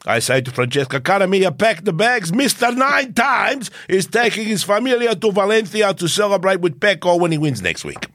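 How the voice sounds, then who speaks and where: A man's voice: sits high, sing-song, moderate pace, few pauses, a bit bright, dry recording, studio quality, pitched above the performer's own voice. A man doing a comic impression of a scheming older Italian racing team boss, with a put-on Italian accent and broken English.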